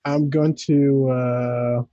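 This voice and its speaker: A man's voice: mid-range voice, flat delivery, drawn-out words, dark tone, muffled recording, slight background noise. A young man playing a tabletop game, talking in an easygoing, self-mocking way. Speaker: player. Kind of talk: casual gaming chat.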